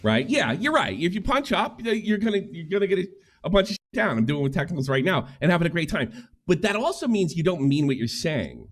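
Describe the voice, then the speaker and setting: A man's voice: big pitch swings, fairly quick, soft background music. A middle-aged man ranting on a livestream, profane and heated. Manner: ranting, profane, swings pitch widely. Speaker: streamer.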